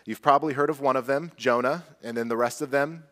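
A man's voice: medium pitch, fast. Earnest male pastor preaching. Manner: earnest, conversational preaching with light self-deprecating asides; hushed, soft prayer. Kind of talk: sermon.

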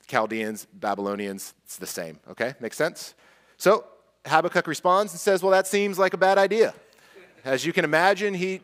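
Earnest male pastor preaching. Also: fairly high pitch. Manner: earnest, conversational preaching with light self-deprecating asides; hushed, soft prayer. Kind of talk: sermon.

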